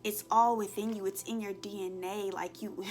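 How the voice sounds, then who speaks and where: A woman's voice: medium pitch, normal speed. Earnest woman giving a spiritual reading. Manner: earnest, repeats "okay?" to check in with listeners; emotional, expressive, acts out inner voices. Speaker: spiritual card reader. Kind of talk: collective tarot-style reading to viewers. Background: soft background music.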